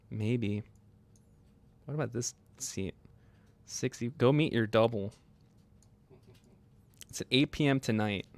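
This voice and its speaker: A young man hosting a casual livestream, excitable and laughing often as he chats with viewers. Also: medium pitch, dry recording. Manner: excitable, laughs often, quotes movie lines in funny voices. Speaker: livestream host.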